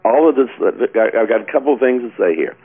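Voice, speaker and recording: A male radio co-host who argues his point with a string of pointed questions. His pitch moves a lot as he pushes his case. The sound is thin and tinny, like a phone line. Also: expressive, fast, breathy edge. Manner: argumentative, questioning. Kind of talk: talk radio commentary.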